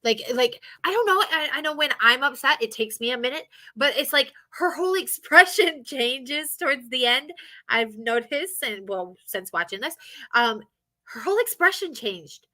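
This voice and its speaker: A woman's voice: high-pitched, lively intonation, moderate pace, sharp tone. A woman giving casual commentary, hesitant, with many fillers and restarts.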